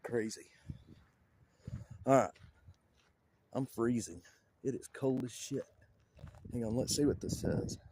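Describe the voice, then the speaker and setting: A man streams live from a cold outdoor spot, speaking into a handheld phone as he shivers. His voice sits at an ordinary middle pitch and comes out rambling and chatty, aimed at his viewers. Light outdoor noise sits under the voice. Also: takes it slowly, long pauses, mellow, poor audio. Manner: rambling, laughs often, talks to chat. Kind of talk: casual live-stream narration. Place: outdoors in a cemetery. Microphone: phone held in hand.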